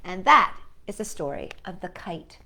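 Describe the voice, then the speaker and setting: A woman hosting a children's storytime, reading a storybook aloud in a gentle, expressive, child-directed way. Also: fairly low pitch, normal speed.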